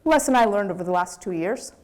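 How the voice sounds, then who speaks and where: A woman with a Brazilian accent, a business owner giving a candid, animated lecture to students. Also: medium pitch, fast talker. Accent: Brazilian Portuguese. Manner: animated, candid storytelling with acted quotes.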